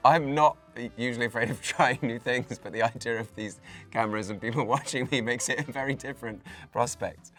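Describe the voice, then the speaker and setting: A man's voice: medium pitch, normal speed, a bit bright, faint music behind. A man in his forties with an English accent, chatting casually and playfully as an interview guest in a studio. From England. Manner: playful and giggly. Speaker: actor and singer guest.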